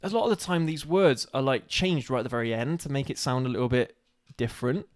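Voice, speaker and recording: A man co-hosting a casual live stream, halting and self-deprecating as he searches for words. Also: mid-range voice. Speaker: co-host of a live show.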